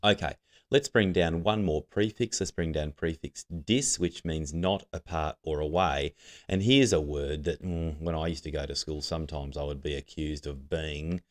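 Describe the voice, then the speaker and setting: A man's voice: extremely low pitch, normal speed. A man teaching a recorded literacy lesson, giving patient step-by-step instructions to students.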